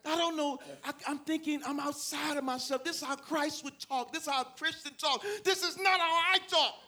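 A male pastor preaching a sermon in a church, telling a story with laughter and sudden bursts of near-shouting. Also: extremely high pitch, a little fast. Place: church with a congregation.

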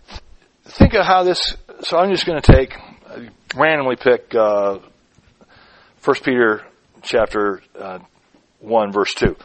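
Male preacher, a little high and husky, animated delivery that circles back on its own words. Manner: animated, repeats and muses over words. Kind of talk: sermon. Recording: clip-on mic.

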